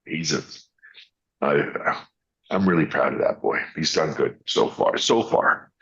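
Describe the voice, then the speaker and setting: A man's voice: extremely low pitch, unhurried, gravelly, a bit bright, husky, muffled recording. A man co-hosting a casual early-morning podcast, telling rambling stories with many restarts and acting out what others said. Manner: rambling storyteller, restarts, acts out quotes. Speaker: podcast co-host.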